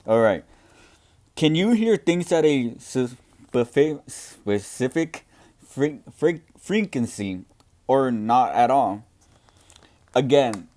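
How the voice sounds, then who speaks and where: A young deaf man speaking loudly and earnestly in a casual question-and-answer talk, with frequent restarts. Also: medium pitch. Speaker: student podcaster answering questions.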